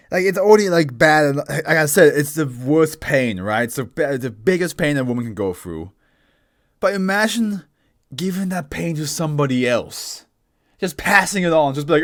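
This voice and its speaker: A man hosting a casual anime reaction, animated and profane. He laughs often and bursts into shouting. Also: on the high side, unhurried.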